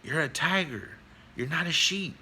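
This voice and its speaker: Bold pushy male tiger as a man puts it on, raised voice, bright forceful tone, storytelling parable. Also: on the high side, lively intonation, normal speed, a little hiss or hum, pitched above the performer's own voice. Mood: challenging.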